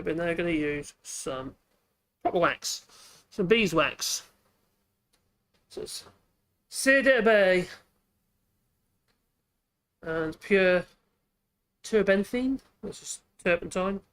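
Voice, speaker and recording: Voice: medium pitch, lively intonation, a little slow, pauses often, a bit bright. Chatty woodworker rambling aloud. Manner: chatty, rambling, thinks aloud with self-corrections. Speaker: woodworking channel host. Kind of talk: casual workshop demonstration.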